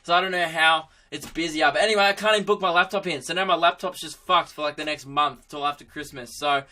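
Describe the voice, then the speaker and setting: A man's voice: on the high side, fairly quick, sharp tone. A young Australian man hosting his own podcast, rambling through a sweary, self-mocking comic monologue. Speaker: comedian podcast host. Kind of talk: comedic monologue.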